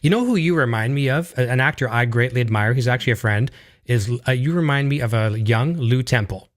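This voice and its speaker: Fast-talking Canadian host. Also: male voice, medium pitch. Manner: eager, rambling, full of fillers. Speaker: show host. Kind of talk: casual video interview.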